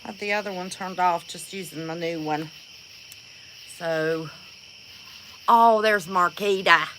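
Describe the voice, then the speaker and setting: Hosting a casual livestream, a woman chats and greets viewers by name, calling them honey. Her voice is lowish, bright, and forceful at a measured pace, in a low-quality recording with slight background noise.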